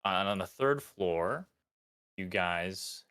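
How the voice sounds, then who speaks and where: A man's voice: low voice, expressive, slow pace, bright, forceful tone, clear, resonant tone. A man narrating a tabletop game as dungeon master in a loose, rambling way. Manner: loose, full of fillers and restarts.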